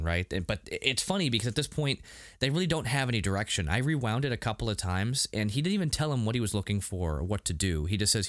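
A man co-hosting a casual review podcast, rambling through scenes and acting out quick quotes. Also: lowish voice, no room sound. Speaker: podcast co-host reviewing a TV episode.

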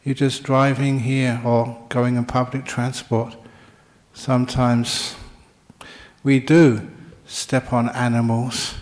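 A man giving a Buddhist dharma talk in a slow, reflective storytelling manner. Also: mid-range voice, little pitch movement, a little mellow.

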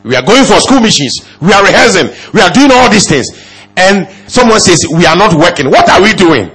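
A male pastor preaching a sermon, firing off rhetorical questions and swinging from low murmurs to loud exclamations. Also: big pitch swings, brisk, breathy edge.

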